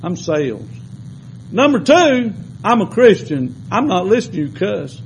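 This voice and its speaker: A man preaching a sermon in a folksy storytelling way, shifting between loud exhortation and quiet asides. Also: sits high, sing-song, moderate pace, a little hiss or hum, low-quality recording.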